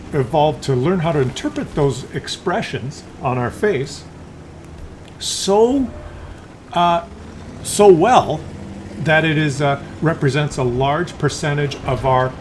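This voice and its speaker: A man's voice: on the high side, expressive, slow pace, background noise. A man doing casual YouTube commentary, rambling conversationally with many fillers and restarts. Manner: drops into brief acted voices for examples.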